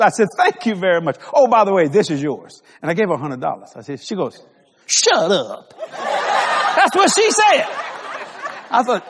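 Animated preacher with a drawl. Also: male voice, high-pitched. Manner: folksy storytelling, animated, laughs often. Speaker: pastor. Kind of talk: sermon. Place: church sanctuary. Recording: long hall reverb.

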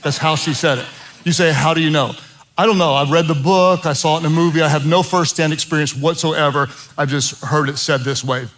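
A man's voice: a little high, steady tone, brisk, a bit bright. Impassioned middle-aged male pastor preaching. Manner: impassioned, emphatic preaching that rises and swells; jokey asides. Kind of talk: sermon.

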